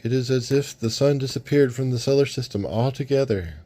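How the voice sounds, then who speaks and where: A man voicing a calm, wise sorceress while reading a comic aloud, with a slow, formal delivery. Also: medium pitch, pitched above the performer's own voice, lightly acted. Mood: worried.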